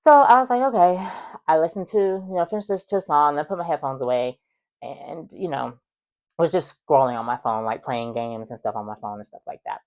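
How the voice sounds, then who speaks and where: A woman's voice: very deep voice, brisk, a little mellow. A woman host telling a personal story in a chatty way, full of fillers and exasperated asides. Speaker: podcast host.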